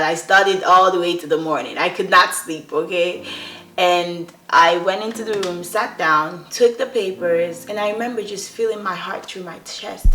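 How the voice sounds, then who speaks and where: A woman's voice: medium pitch, a bit bright. A young woman from Nigeria, earnestly telling a personal story to her viewers and often checking in with them. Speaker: vlogger. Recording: roomy echo.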